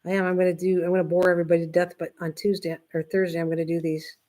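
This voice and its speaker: A woman's voice: lowish voice, little pitch movement, very fast, dark tone. An older woman hosting a casual craft livestream, chatting in a rambling way and reading viewers' comments aloud. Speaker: livestream host. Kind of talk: casual chat with live viewers.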